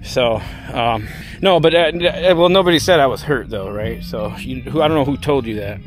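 A man's voice: medium pitch, normal speed, faint music behind. A man telling a story casually, rambling and swearing heavily. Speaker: vlogger.

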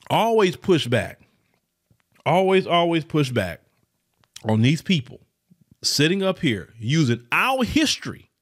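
A man delivers fervent podcast commentary in a fairly high voice. His pitch swings widely as he hammers his points home. He repeats phrases and speaks straight to his listeners as y'all. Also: fairly bright tone. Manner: preachy, repetitive, addresses listeners as y'all; mocks others in high put-on voices. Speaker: podcast host. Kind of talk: impassioned political commentary.

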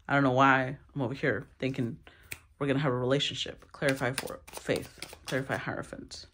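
A woman giving a solo tarot reading, thinking aloud with sighs, restarts and throat clearing. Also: extremely low pitch, steady tone, a little fast, fairly bright tone, slight background noise. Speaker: tarot reader.

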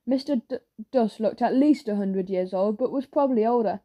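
Mellow woman reading a children's story. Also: a little high, normal speed, lo-fi sound. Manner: lively storytelling with character voices. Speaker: audiobook narrator. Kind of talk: children's audiobook narration.

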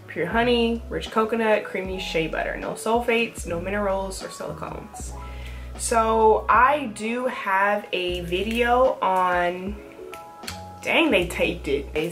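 A woman's voice: mid-range voice, a bit bright. A woman talking through a hair product review in a casual, rambling way, with chatty asides, filmed at home on a camera mic. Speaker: natural hair vlogger. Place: indoors at home.

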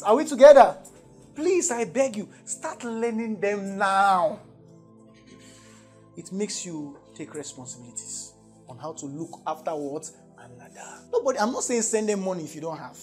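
A man with a Nigerian English accent preaching a sermon to a campus congregation, swinging between loud emphatic calls and low asides and asking the crowd questions.

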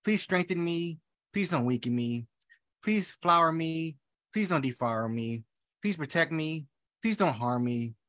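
A man's voice: a little high, expressive, a little slow, a bit bright, dry recording. A man at an open mic reading rhyming poems, with playful banter and casual ums between pieces.

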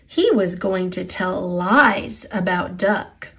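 Slow, deliberate woman storyteller. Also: fairly low pitch, animated, fairly bright tone. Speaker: storybook narrator. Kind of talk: children's picture book read-aloud.

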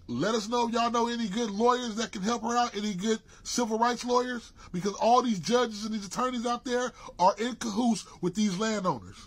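High-pitched guy, kinda husky, fired up asking for help. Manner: indignant, asks listeners for help. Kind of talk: casual commentary.

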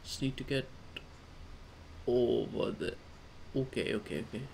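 A man doing casual let's play commentary, coaxing his character along with repeated calm-down phrases. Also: medium pitch, unhurried, vocal fry, a little hiss or hum. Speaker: gamer.

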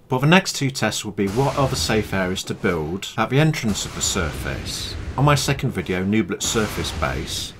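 A young man calmly explaining his gameplay tests in a matter-of-fact commentary. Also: on the low side, slight background noise. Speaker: gaming YouTuber.

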